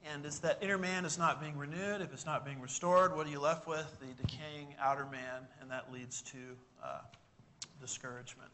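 Bright-voiced preaching man. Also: fairly high pitch, steady tone, normal speed, slight background noise. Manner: emphatic preaching with rhetorical questions. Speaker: pastor. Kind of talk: sermon.

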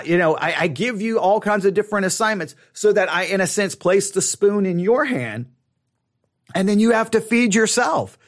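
A man, a pastor hosting a live Bible study podcast, talking in an earnest, conversational way with frequent restarts. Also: sits high.

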